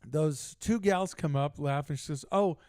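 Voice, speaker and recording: A man's voice: a little high, a little slow, darkish tone, no echo. A middle-aged man co-hosting a sports talk show, telling a long story in casual chat and acting out both sides of the conversations. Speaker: podcast co-host.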